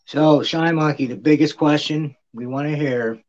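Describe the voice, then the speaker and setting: A man's voice: on the high side, normal speed, lo-fi sound. A man co-hosting a podcast, easygoing, chatting and prompting the guest. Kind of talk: casual chat.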